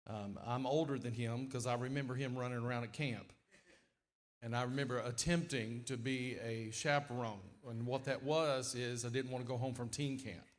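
A middle-aged man preaching a sermon in a church, folksy and lively, with sudden loud, emphatic swells. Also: mid-range voice, normal speed. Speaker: guest preacher. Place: church sanctuary.

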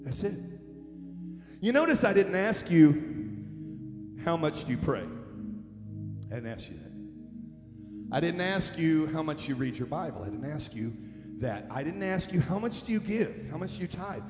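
High-voiced preacher man in echoey hall. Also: very animated, a little slow, long pauses. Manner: impassioned preaching that builds to shouting. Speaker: pastor. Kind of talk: sermon. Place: large church hall. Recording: echoey hall with music underneath.

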